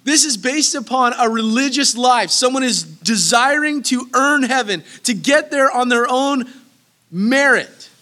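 An earnest male preacher teaching verse by verse, pressing his point home by repeating key phrases. His voice sits high and rings bright and forceful. He slips into a casual, conversational aside now and then. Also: lively intonation, unhurried. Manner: casual asides that break into laughter. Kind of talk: sermon, verse-by-verse Bible teaching.

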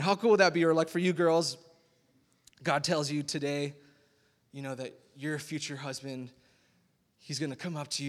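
A man's voice: on the high side, fairly bright tone. A man, a youth pastor giving a casual, rambling sermon full of fillers and laughter. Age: 20s. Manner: rambling, chatty, many fillers, laughs often. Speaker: youth pastor, worship leader. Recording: long hall reverb.

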